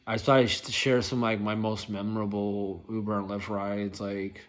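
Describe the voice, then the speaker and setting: A man's voice: on the low side, flat delivery, normal speed. A young adult man casually telling rideshare driver stories, rambling and filling nearly every phrase with "like". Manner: rambling, filler-heavy, lots of "like". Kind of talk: casual storytelling vlog.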